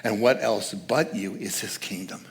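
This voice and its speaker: A man's voice: lowish voice, a little slow. A man speaking as guest speaker at a church service, giving a conversational, joking sermon and laughing at his own asides.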